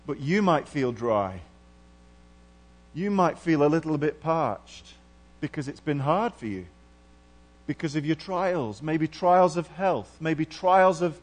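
A middle-aged man preaching a sermon earnestly, moving between hushed and emphatic passages. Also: fairly high pitch. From England.

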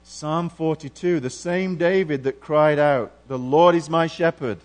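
A middle-aged man preaching a sermon earnestly, moving between hushed and emphatic passages. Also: a little high, unhurried. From England.

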